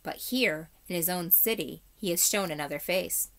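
A woman's voice: fairly low pitch, normal speed, fairly bright tone. A woman reading aloud and voicing a young queen who speaks formally to her brother. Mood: earnest. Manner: formal old-fashioned speech. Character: young queen, gentle but firm.

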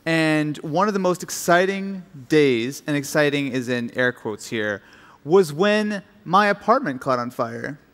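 A man's voice: fairly high pitch, expressive, unhurried, fairly bright tone. A man who makes videos, visiting as a panel guest and chatting on stage in an easygoing, wry way. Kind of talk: casual stage chat. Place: large conference hall. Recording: reverberant conference hall.

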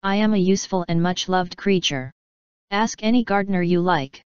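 A woman's voice: on the low side, moderate pace, smooth, no echo, lo-fi sound, lightly acted. A woman reading the part of a prim, easily offended earthworm. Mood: prim indignant. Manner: prim, indignant.

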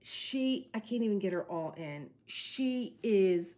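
A woman filming a casual unboxing vlog at home on a phone set on a tripod. She speaks at a slow, unhurried pace, excited and gushing, often dropping into soft exclamations. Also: medium pitch. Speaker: crafting channel host.

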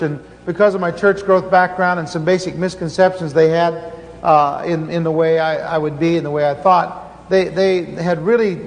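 High-voiced male preacher in a hall. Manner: earnest storytelling with frequent restarts and fillers. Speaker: pastor. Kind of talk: sermon. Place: large conference hall. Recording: conference hall reverb, faint noise.

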